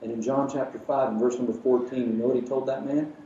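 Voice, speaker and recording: A man preaching a sermon, emphatic, with rhetorical questions and swings between loud and quiet. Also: mid-range voice, steady tone, quick pace, highs cut off. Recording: echoey room, mic at a distance.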